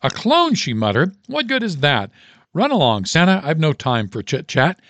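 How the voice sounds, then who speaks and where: A man's voice: medium pitch, big pitch swings, unhurried, no room sound. Man reading an exasperated, tired mother, muttering, close and dry. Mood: impatient. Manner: exasperated, muttering storybook delivery. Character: weary, frazzled mother, tired but loving.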